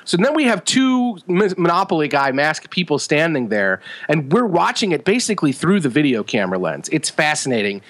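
A man with a slightly raised voice chats excitedly as a co-host, walking through scenes with plenty of "uh" and "like". He sounds eager and animated, piling on praise as he goes. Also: fairly high pitch, a little fast, hardly any pauses. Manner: enthusiastic, animated retelling with frequent fillers. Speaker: podcast co-host. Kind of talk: casual chat.

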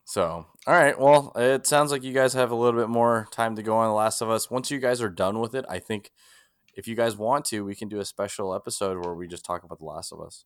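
A man's voice: lowish voice, a little fast, dry recording, clean studio sound. A man co-hosting a casual podcast, steering the talk from topic to topic and laughing often. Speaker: podcast co-host. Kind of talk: casual chat.

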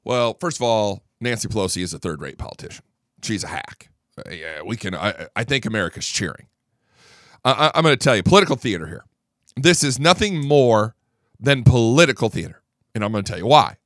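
A man's voice: fairly low pitch, expressive, fairly quick, no echo, clean studio sound. A man hosting a political talk show who rants angrily and combatively. He swears freely and repeats words when worked up. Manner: angry, combative, swears a lot.

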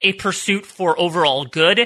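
Male co-host, speculative, bright and slightly high. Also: normal speed. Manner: speculative, musing. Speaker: podcast co-host. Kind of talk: casual podcast chat.

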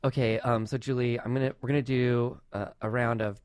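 A man's voice: medium pitch, steady tone, a little mellow, smooth, no echo, clean studio sound. A man hosting a podcast, chatting casually in a playful, joking way. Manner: playful, jokey, quick restarts. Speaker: podcast host. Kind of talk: casual chat.

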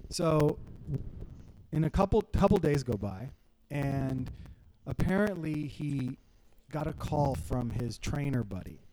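Animated storytelling man, higher voice. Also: slow, a little hiss or hum, rough recording. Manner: animated storyteller, heavy swearing. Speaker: podcast co-host. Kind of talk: casual chat, storytelling.

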